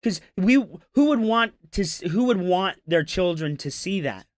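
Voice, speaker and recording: A man's voice: high-pitched, expressive, a little slow, no echo, clean studio sound. A man doing casual reaction commentary on a stream, ranting in an exasperated, profane and mocking way.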